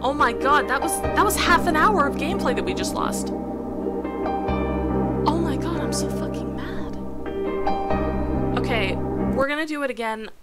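A woman's voice: high voice, animated, normal speed, loud music behind the voice. A woman streaming a video game live, reacting with exasperation and frequent swearing as she talks to the game. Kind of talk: live gameplay reaction commentary.

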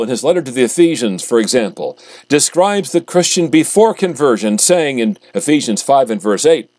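A man, a pastor, reading scripture aloud and preaching in a measured, emphatic way, slowing down on key phrases. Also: medium pitch, a little mellow, no room sound.

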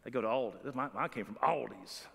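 A man's voice: medium pitch, fast, creaky, a bit bright, breathy edge. A man preaching a sermon as pastor, in a folksy, conversational way with humorous asides. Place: church sanctuary. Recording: long reverb of a church hall.

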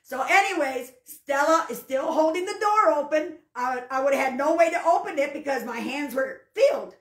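A woman with a high voice tells her testimony in a folksy, down-to-earth way, now and then rising into fervent praise. She preaches to listeners, and her voice rings in an echoey room. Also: expressive, moderate pace. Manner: fervent, breaks into shouts of hallelujah; folksy storyteller. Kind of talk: spoken testimony and sermon.

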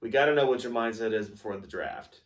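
A man's voice: lowish voice, quick pace, far from the mic. A man hosting a mock sports interview, firing mock-serious, accusatory questions. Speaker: host, interviewer.

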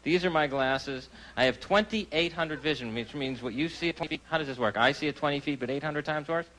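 A man doing a stand-up comedy set on a theater stage, with a wry, self-deprecating delivery and quick asides to the crowd. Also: on the high side, low-quality recording. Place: theater stage before a laughing audience. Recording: 1980s live comedy special with loud crowd laughter and noise.

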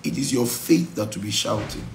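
A man's voice: lowish voice, normal speed, vocal fry, reverberant, a little hiss or hum, low-quality recording. A Nigerian-accented male pastor teaching a Bible study sermon in an exhortative way, slipping into pidgin asides. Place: church.

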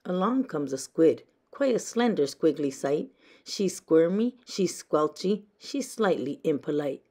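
A woman reading a children's picture book aloud in a slow, sing-song storytime voice. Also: sits low, expressive, a little mellow. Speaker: storytime reader.

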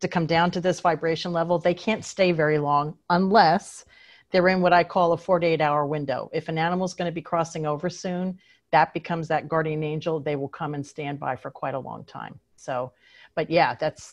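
Lower-voiced woman telling lively anecdotes. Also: moderate pace. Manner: lively anecdotal storyteller, acts out quotes. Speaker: animal communicator guest. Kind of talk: casual interview storytelling.

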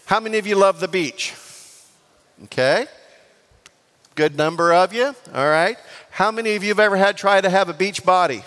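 A man, preaching a lively sermon full of jokes and questions to the congregation in a large church. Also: sits high, moderate pace, pauses often. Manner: lively and joking, asks the congregation for responses. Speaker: pastor. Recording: long church reverb.

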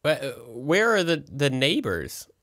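A man's voice: on the high side, very animated, takes it slowly, a bit bright. A man playing a tabletop role-playing game, hesitant and polite, chuckling between lines. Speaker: player.

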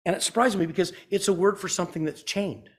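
A man preaching a sermon as pastor. He asks the congregation questions and swings from loud, urgent emphasis to a hushed softness. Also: high voice, fast.

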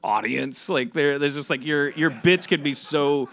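A man's voice: fairly high pitch, unhurried, creaky, fairly bright tone. A man telling a long story on a podcast in casual chat, rambling with many stammered restarts and laughing as he goes. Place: live podcast stage.

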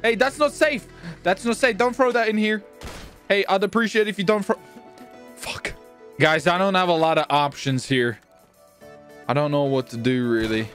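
A man in a frantic game roleplay, his voice sitting high and bouncing widely in pitch. He talks in panicked bursts full of swearing and exclamations, with faint music underneath. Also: fairly bright tone. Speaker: streamer playing a robber in a roleplay game.

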